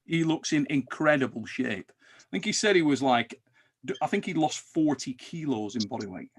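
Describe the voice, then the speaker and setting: A man hosting a casual chat, animated and quick to swear and tease. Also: mid-range voice, husky. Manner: animated, swears, teasing banter. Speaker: podcast host.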